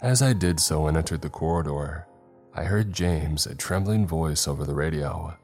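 A man narrating a first-person horror story in a tense, measured way. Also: a bass voice, a little mellow, soft background music.

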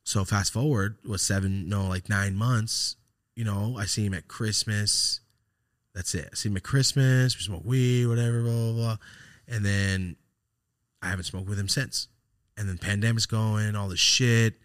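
Low-voiced man telling a story, swearing freely. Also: fairly even intonation, measured pace, a bit bright, no echo, studio quality. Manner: profane, rambling, acts out quoted texts. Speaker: podcast host. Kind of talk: casual storytelling.

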